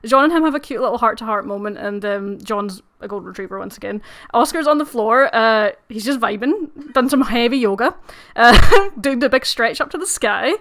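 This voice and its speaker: Giggly Scottish woman, casual fast recap. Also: on the high side, lively intonation, fairly bright tone. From Scotland. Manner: casual and giggly, swearing, mimicking characters in quick asides. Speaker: co-host doing a timed episode recap. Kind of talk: rapid-fire comedic recap.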